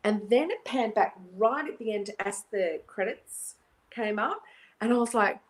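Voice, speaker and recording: A woman hosting a podcast, chatting casually and telling animated stories with loud bursts of laughter. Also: medium pitch, a little slow. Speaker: podcast host. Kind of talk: casual chat.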